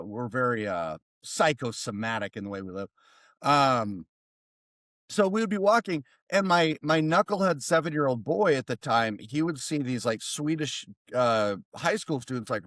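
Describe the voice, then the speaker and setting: A man's voice: mid-range voice, no echo. Rambling American man telling a story. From United States. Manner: rambling, animated, many restarts. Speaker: podcast guest, therapist. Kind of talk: casual storytelling.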